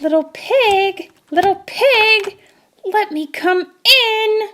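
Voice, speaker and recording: A woman voicing a hungry, blustering male magic shark who roars drawn-out threats. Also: very high-pitched, lively intonation, bright, forceful tone, pitched above the performer's own voice, heavily acted. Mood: coaxing.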